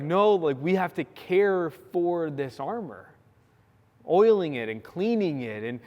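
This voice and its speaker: A young man from California preaching a sermon, telling a story with lively acted-out quotes. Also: fairly high pitch, highs cut off. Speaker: pastor. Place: church sanctuary. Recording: long church hall reverb.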